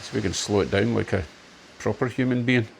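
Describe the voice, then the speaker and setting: A man's voice: fairly low pitch, a little fast, vocal fry, slight background noise. Chatty, enthusiastic man at his train layout. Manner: chatty, enthusiastic, lightly self-mocking. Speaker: model railway hobbyist channel host. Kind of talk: casual commentary while running a model train.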